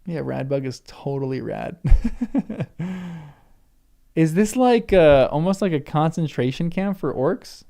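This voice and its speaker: A man reads a novel aloud for the first time, pausing for casual asides and fixing his own slips as he goes. His voice is gravelly, with a mellow, darker tone. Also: a little high, lively intonation. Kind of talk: reading aloud with casual commentary.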